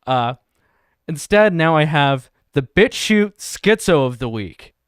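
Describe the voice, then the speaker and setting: Smooth-voiced man hosting a comedy stream. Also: on the high side, expressive, slow, no room sound, studio quality. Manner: laughing, crude, reading chat and video text aloud. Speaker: livestream host. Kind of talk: satirical livestream commentary.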